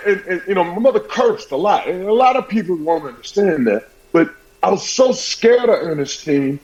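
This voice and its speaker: A man from the American South hosting a sports talk show, telling stories in an energetic, jokey way. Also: high voice, normal speed, muffled recording. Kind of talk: casual talk show chat.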